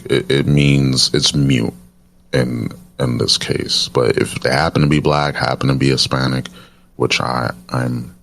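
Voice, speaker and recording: A man with an extremely deep, rumbling voice talks through a point in relaxed podcast chat. He often stumbles and restarts before finding his words. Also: creaky, a little hiss or hum. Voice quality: deep, says he sometimes sounds baritone. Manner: halting, restarts often, says cadence is key. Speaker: podcast host.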